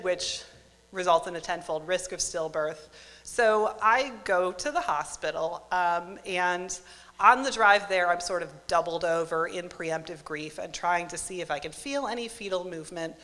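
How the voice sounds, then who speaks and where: Bright-voiced woman telling a story live. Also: fairly low pitch, measured pace. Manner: wry, self-mocking, deadpan asides. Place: stage at a live event venue. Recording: live hall with long reverb.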